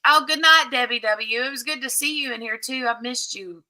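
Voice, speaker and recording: A woman's voice: fairly high pitch, a little fast, pushed and bright, rough recording. A woman hosting a casual craft livestream, chatting and thanking her viewers and moderators. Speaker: livestream host.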